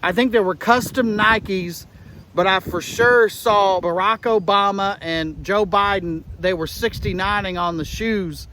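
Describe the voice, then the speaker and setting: A man rambles through a deadpan comic story. His voice sits high and sounds bright and sharp. He is recorded outdoors, with a faint hiss behind him. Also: measured pace, poor audio. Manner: rambling, deadpan, breaks into shouted slogans and gun-sound noises. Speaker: comedian playing a rally eyewitness. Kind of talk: deadpan satirical character monologue.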